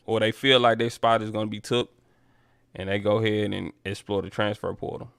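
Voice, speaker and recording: A man hosts a relaxed sports chat in a gravelly voice that still carries smooth and resonant. He talks loosely, straight to his viewers, and calls them y'all. The sound is close and dry. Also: fairly low pitch, normal speed, no echo. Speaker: sports talk livestream host. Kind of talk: casual chat reading viewer comments.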